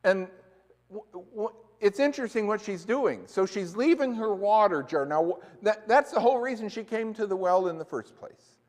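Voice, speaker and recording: Guy preaching in church, pretty high voice, chatty, keeps asking the crowd stuff, long echo off the hall. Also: expressive, normal speed, a little mellow. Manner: conversational, asks the congregation questions. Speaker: pastor. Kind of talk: sermon.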